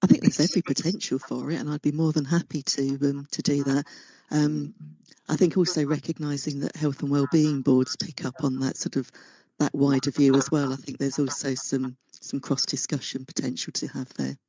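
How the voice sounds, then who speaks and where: A man at a committee meeting, agreeable and brisk in his reply. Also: medium pitch, level tone, warm tone, dry recording, lo-fi sound. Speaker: committee member. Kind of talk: meeting discussion.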